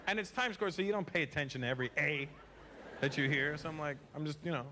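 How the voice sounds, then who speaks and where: A man from Canada doing a stand-up comedy set, profane and animated, acting out voices. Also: on the high side, quick pace, noisy background. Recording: stand-up audio under loud music.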